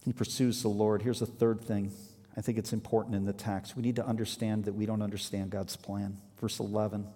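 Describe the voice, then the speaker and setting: A man's voice: lowish voice, little pitch movement, brisk, warm tone. A man preaching a sermon, reading scripture aloud and then explaining it with emphatic rises in his voice. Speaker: pastor. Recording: reverberant hall.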